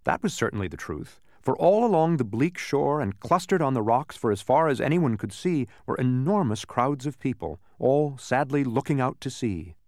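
Expressive male storybook narrator. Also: mid-range voice, normal speed, hardly any pauses, no echo, clean studio sound. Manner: animated, expressive. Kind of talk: storybook reading.

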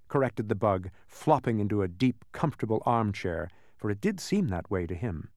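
A man narrating a children's storybook aloud in an expressive, measured way. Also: on the low side, no echo, studio quality.

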